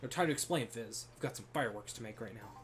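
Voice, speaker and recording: A man voicing an eccentric old male professor who loves explosions, talking in a booming, gleeful, theatrical way, sounding distant with faint music behind. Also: fast talker, lightly acted. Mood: brisk.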